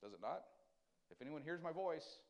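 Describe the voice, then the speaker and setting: A man preaching a conversational sermon, asking the congregation questions and swinging between loud emphasis and quiet, tender lines. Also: fairly high pitch, very animated, moderate pace. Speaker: pastor.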